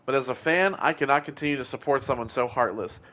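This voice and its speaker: A man's voice: quick pace, pushed and bright, lightly acted. A man voicing an indignant, obsessive reality-show fan who rants emphatically. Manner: ranting, emphatic, swooping pitch.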